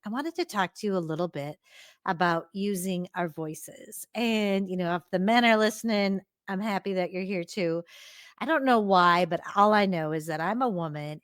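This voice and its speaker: A woman's voice: fairly low pitch, no echo. A middle-aged woman hosting a solo podcast, talking earnestly and encouragingly to her listeners in a close, reflective way. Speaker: podcast host.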